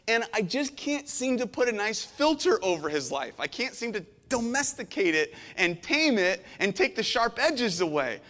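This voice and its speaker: A middle-aged man preaching a sermon as a pastor, earnest and emotional, swinging from hushed to intense. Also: high voice, in a large hall. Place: church sanctuary.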